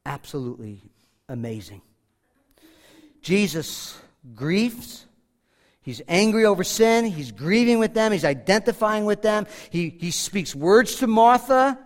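A man's voice: high voice, lively intonation, a little slow. A pastor preaching a sermon, talking casually with asides and humor as he walks through a passage. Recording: hall reverb.

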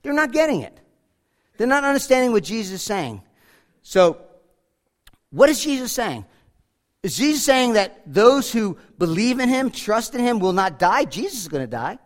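A pastor preaching a sermon, emphatic, often dropping to a hush and asking the congregation direct questions. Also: male voice, high-pitched. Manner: emphatic preaching, swings from loud to hushed.

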